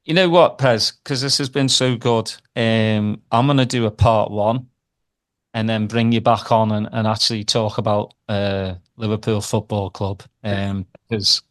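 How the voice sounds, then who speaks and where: A man hosting a casual interview, talking in a relaxed, reflective way with many fillers. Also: on the low side, measured pace. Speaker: podcast host.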